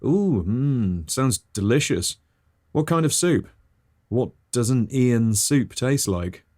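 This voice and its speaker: A man's voice: medium pitch, animated, slow, a little mellow, no echo, studio quality. A man hosting a comic podcast, talking in a chirpy, eager and over-apologetic way. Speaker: podcast host. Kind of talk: comic scripted host patter.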